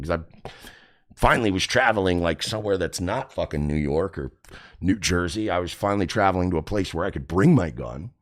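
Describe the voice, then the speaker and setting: A man hosting a radio show, telling a story in a casual, profane, animated way. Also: low voice, brisk. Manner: profane, animated, acts out quotes.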